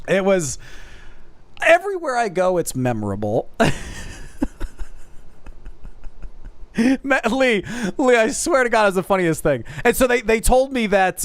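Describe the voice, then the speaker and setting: High-voiced male streamer, animated storyteller, dry close sound. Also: clean tone, no echo. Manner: talks straight to the audience as folks. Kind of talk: casual storytelling.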